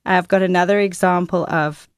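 A woman in her thirties speaking in a candid, conversational Christian talk, often laughing and quoting herself with animated bursts. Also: fairly low pitch, normal speed, no room sound, studio quality. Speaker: guest speaker.

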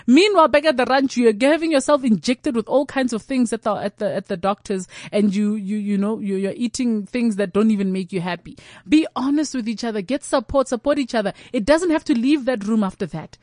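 Animated woman comedian, dry close sound. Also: on the high side, fairly quick, hardly any pauses, no echo. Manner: animated, acts out quoted voices and imagined dialogue. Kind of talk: candid conversational chat.

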